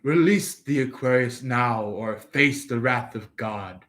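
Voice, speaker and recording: Archangels issue a stern command in a steady, unhurried voice, as a man puts them on. The tone is firm and final. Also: mid-range voice.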